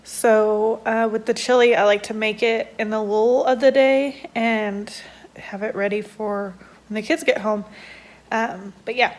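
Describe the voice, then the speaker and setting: Chatty young mom, slightly high voice. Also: female voice, steady tone, a little slow. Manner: chatty, rambling, many fillers. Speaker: vlogger, stay-at-home mom. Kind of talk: casual day-in-the-life vlog. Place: at home.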